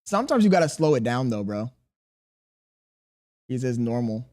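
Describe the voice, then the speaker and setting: A young man chatting casually on his livestream, reading chat aloud and talking slowly on purpose, with plenty of swearing. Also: mid-range voice, big pitch swings, darkish tone. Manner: laid-back, deliberately slow storytelling, swearing, reading chat aloud. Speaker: streamer.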